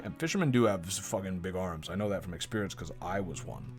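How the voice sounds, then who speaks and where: A man's voice: low-pitched, quick pace, soft background music. A man streaming a visual novel, making laid-back, profane asides between reading lines. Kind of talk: casual gameplay commentary.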